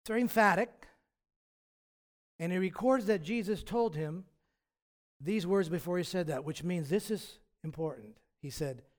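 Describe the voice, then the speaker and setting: A man with a slightly higher-than-usual voice delivers a sermon as a pastor. His preaching is reflective and conversational. He often stumbles and restarts mid-phrase as he works through his points. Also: normal speed, long pauses.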